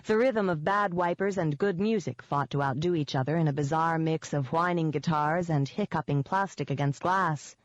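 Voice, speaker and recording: A woman reading first-person fiction aloud as an audiobook narrator, with an even, wry storytelling manner. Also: low voice, normal speed, few pauses, no echo. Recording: dull dry lo-fi audio.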